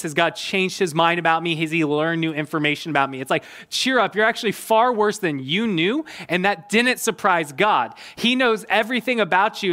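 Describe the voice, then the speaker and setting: A middle-aged man preaching in an earnest, conversational way, pausing on fillers as he works through a passage. His voice sits a little high for a man. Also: bright, forceful tone. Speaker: pastor. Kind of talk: sermon.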